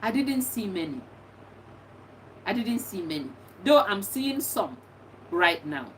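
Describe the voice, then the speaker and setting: A woman's voice: mid-range voice, big pitch swings, slow pace, fairly bright tone. A middle-aged woman, a bereaved mother, giving earnest and encouraging advice, often repeating herself. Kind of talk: personal testimony talk. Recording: distant mic with faint background noise.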